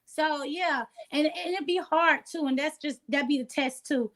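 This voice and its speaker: A woman talking as an interview guest in casual chat, relaxed and streetwise, often asking "you know what I'm saying". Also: sits high, moderate pace.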